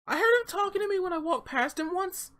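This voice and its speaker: A squeaky six-year-old boy. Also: expressive, brisk, fairly bright tone. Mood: earnest. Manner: earnest, chatty childish voice.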